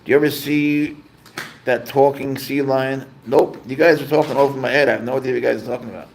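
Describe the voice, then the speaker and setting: A man's voice: mid-range voice, steady tone, quick pace, a little hiss or hum. A man hosting a casual livestream, chatting easygoing and rambling while he answers viewer comments. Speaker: livestream host and pet owner.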